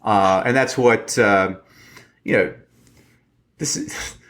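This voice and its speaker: A man as a podcast guest, telling animated stories in casual chat and acting out the quotes. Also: lowish voice, slow. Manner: animated storyteller, acts out quotes.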